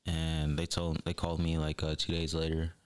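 A man with a very deep, low voice. He tells stories in a loose, slangy way and laughs easily. He is a guest on a casual podcast chat. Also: monotone, moderate pace, clean tone. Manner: laid-back storyteller, slangy, laughs often.

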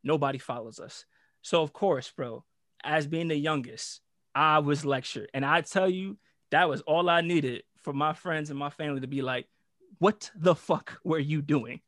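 A young man telling a story in casual podcast talk, slangy and animated, acting out what others said. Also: normal speed, dry recording, clean studio sound. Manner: animated, slangy, acts out quotes with shifting pitch. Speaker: storyteller guest.

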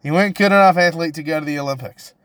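A man's voice: on the high side, racing, fairly bright tone, no echo. Brash, foul-mouthed New Zealand man ranting. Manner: crude, profane and provocative, full of restarts. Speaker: podcast host. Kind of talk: casual solo podcast rant.

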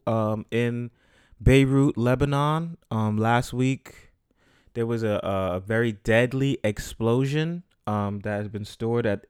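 A man's voice: medium pitch, clean tone, dry recording, studio quality. A man hosting his own podcast, talking alone in a loose, conversational way with many "um"s and frequent swearing. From Bronx, New York. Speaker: podcast host. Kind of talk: casual solo podcast monologue.

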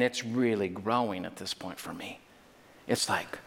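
A man's voice: mid-range voice, a little slow, pushed and bright. A male pastor preaches with growing fervor. He tosses in wry jokes and leans hard into key points. His voice rings out through a large hall with a long, lingering reverb. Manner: emphatic, with joking asides and rising intensity. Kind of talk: sermon.

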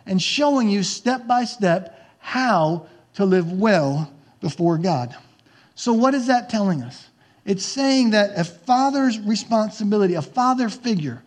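A pastor preaching a conversational sermon, now and then acting out yelling parents and encouraging coaches. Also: male voice, high voice.

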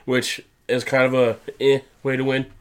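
A man's voice: mid-range voice, flat delivery, smooth. A man co-hosting a casual podcast with a stuffy head cold, recapping the week loosely and mockingly. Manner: casual rambling recap, quick mocking paraphrase of wrestlers. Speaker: podcast co-host.

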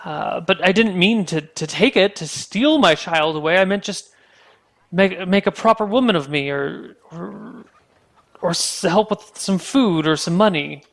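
A man voicing a young village mother, halting and stammering as she pleads about her stolen baby. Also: sits high, animated, vocal fry, fairly bright tone, full character voice. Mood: distressed.

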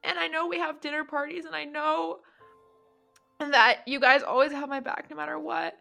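A woman voicing a weary, regretful monster hunter who speaks in halting, hesitant confessions. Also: fairly low pitch, fairly even intonation, sharp tone, soft background music. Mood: wistful.

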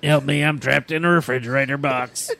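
A man's voice: medium pitch, steady tone, a little fast, vocal fry, sharp tone, pitched above the performer's own voice. A man playing someone in a refrigerator box who is pretending to be a robot, making beeping noises and pleading to be let out.

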